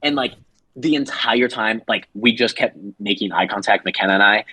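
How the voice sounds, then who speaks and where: A man's voice: lowish voice, moderate pace, pushed and bright, slightly rough, no echo. A man co-hosting a podcast, telling a story casually and animatedly with plenty of laughter. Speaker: podcast co-host.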